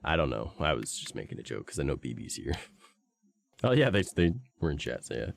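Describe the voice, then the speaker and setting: A man's voice: extremely low pitch, very animated, a little fast, gravelly, no room sound. A man streaming and chatting casually with friends in a social VR game, joking crudely and swearing freely.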